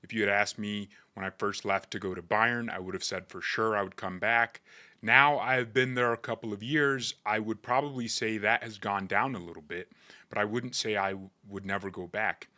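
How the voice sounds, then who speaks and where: A man doing an impression of a calm English footballer with an English accent, reading quotes in a measured, soft-spoken way. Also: on the low side.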